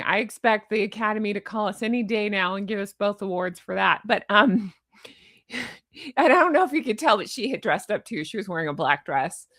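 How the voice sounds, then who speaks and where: A woman's voice: medium pitch, sharp tone, no room sound. Chatty wry woman with a dry close sound. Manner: chatty, wry, laughs between remarks. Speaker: commentary channel host. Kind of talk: casual commentary on a book.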